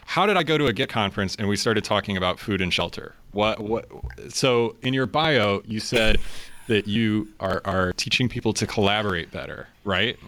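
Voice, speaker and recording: A man's voice: lowish voice, normal speed, fairly bright tone. A man hosting a podcast in a casual, playfully teasing way. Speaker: podcast host.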